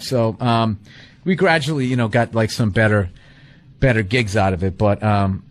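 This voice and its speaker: A middle-aged comedian telling animated stories in casual conversation and acting out quotes. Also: male voice, mid-range voice, fairly quick. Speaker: comedian and podcast host.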